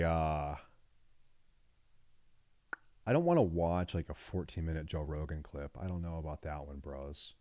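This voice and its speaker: A man streaming live and reacting to videos in a loud, joking, profane way. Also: low-pitched, no room sound, studio quality.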